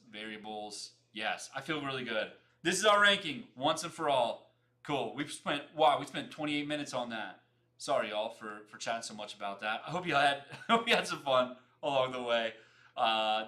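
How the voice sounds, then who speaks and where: A young man hosts a casual livestream, his voice bright and forward. He talks fast, repeats phrases and chats straight to his viewers. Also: medium pitch. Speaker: livestream host.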